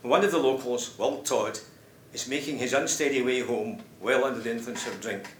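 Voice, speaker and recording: A man introducing and reading poems at a conference in a measured, explanatory way. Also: medium pitch, distant mic. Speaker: presenter of poems. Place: conference hall. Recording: roomy hall with faint noise.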